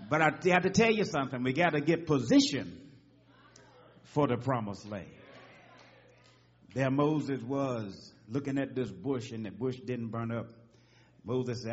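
A man's voice: medium pitch, animated, a little slow, pauses often. A man preaching a sermon, emphatic and rhythmic, punctuating with amens. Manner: emphatic call-and-response preaching with frequent amens. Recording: dull lo-fi recording.

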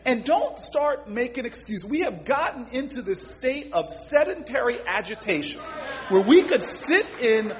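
A man's voice: very high voice, very animated, unhurried. A man giving an impassioned motivational speech, telling stories and repeating words as he builds. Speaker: public speaker.

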